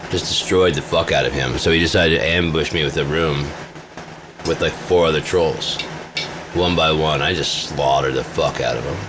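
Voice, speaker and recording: A man with a very deep, low voice rambles through a casual vlog, swearing freely and boasting. A steady noise sits clearly behind him, like a vehicle humming. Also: moderate pace. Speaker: vlogger.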